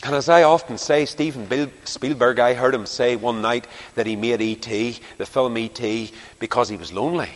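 A man preaching a sermon to a large congregation, telling stories in an animated way and building to emphatic declarations. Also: mid-range voice, moderate pace, hardly any pauses. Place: large church or hall before a congregation. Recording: long hall reverb.

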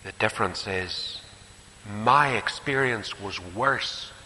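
A man quietly voicing a grave older woman survivor. He speaks softly and firmly, with a bright tone and a long echo in a large hall. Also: on the low side, slow pace, slight background noise, voice pushed down, heavily acted.

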